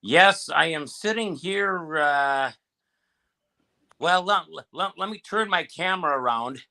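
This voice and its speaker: Guest, man, Wisconsin accent, bright forceful tone, easygoing. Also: on the high side, takes it slowly. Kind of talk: casual chat.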